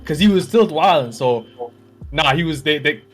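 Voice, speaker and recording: A man's voice: a little high, expressive, moderate pace, fairly bright tone, faint music behind. A man in casual podcast chat, giving blunt, opinionated takes. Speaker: podcast panelist.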